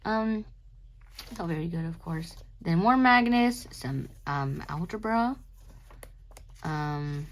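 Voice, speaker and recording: A woman's voice: sits low, animated, takes it slowly, pauses often. A young adult woman talks casually about her sketchbook, rambling and giggly, sleepy and yawning. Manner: rambling, giggly, self-mocking. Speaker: artist showing her sketchbook. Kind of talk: casual chat.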